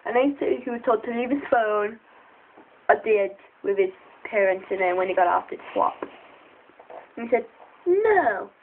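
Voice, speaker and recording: A young girl telling funny stories to camera, giggly and excitable, often jumping into squeaky voices. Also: moderate pace, pauses often, a little hiss or hum. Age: child. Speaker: storyteller. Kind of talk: casual storytelling to camera. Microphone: phone. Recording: tinny phone recording.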